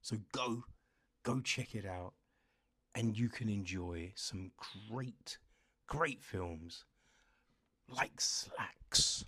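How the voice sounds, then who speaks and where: A man hosting a film talk and interview, rambling and animated, with lots of restarts, recorded over a video call. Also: on the low side, slow, long pauses, breathy edge. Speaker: podcast host and interviewer. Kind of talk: casual chat. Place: London.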